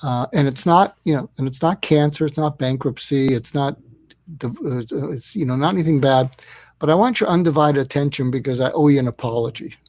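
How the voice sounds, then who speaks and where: A man being interviewed over a video call, talking earnestly and walking through his ideas step by step. His voice sits a bit high and sounds dry and close, with no room around it. He often slips into acting out short exchanges. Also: a little fast, a little mellow, dry recording. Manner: earnest, explains in steps, acts out dialogue. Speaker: guest expert on listening. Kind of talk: interview conversation.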